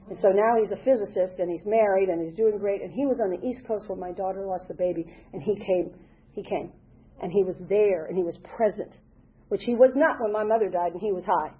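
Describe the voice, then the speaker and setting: Older woman from the South, husky, earnest and rambling recovery-meeting speaker; tinny lo-fi sound. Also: medium pitch. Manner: earnest, rambling, with many restarts. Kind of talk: personal share at a recovery meeting. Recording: tinny phone-like recording.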